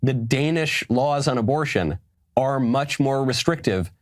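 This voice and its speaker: A man's voice: mid-range voice, animated, a little slow, dry recording, studio quality. A man giving political commentary in a sarcastic, lecturing way. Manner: sarcastic, lecturing, laughs at his own points.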